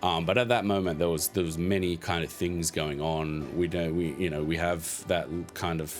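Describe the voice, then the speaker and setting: A man's voice: low voice, fairly even intonation, normal speed, soft background music. A man hosting a podcast, casually recapping a tabletop game session in a rambling way, laughing now and then. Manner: rambling, many fillers, chuckles often.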